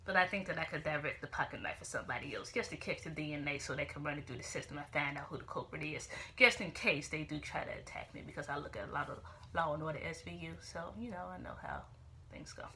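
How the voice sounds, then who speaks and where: Young woman vlogger, casual storyteller, bright, expressive, punchy delivery. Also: low voice, fast talker, slight background noise. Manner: animated, expressive, emphatic retorts.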